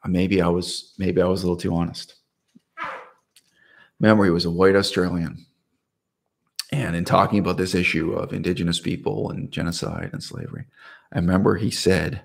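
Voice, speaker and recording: Low-voiced man in a rambling monologue. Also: fairly even intonation, fairly quick, creaky, pauses often, slightly rough. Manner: rambling, with restarts and asides. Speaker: video essayist. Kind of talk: casual unscripted monologue.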